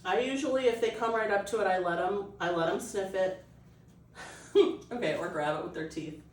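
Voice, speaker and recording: A woman breeder explaining a puppy temperament test, switching between high coaxing puppy talk and calm explanation. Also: normal speed, far from the mic, slight background noise. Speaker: dog breeder. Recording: echoey room, voice off-mic.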